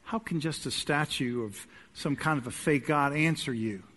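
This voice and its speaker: A male pastor preaching a sermon in a church, swinging between loud urging and quiet asides. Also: on the high side, normal speed. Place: church sanctuary. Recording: echoey hall.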